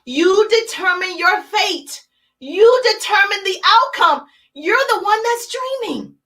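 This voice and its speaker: A woman voicing a calm, wise male bear from a children's story, speaking slowly and deliberately. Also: very high-pitched, pitched above the performer's own voice, heavily acted. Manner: slow, deliberate storytelling delivery.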